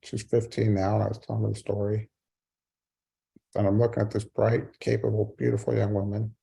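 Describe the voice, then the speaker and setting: A man's voice: fairly low pitch, level tone, brisk, vocal fry, dark tone, slightly rough. A middle-aged man giving a keynote speech on a video call, telling a personal story with wry, self-mocking humor. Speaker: keynote speaker.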